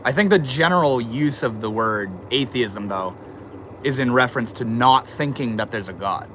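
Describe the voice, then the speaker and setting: A man's voice: mid-range voice, normal speed, a bit bright, a little hiss or hum. A man casually chatting on a livestream, reading viewer comments aloud and answering them in a laid-back, slangy way.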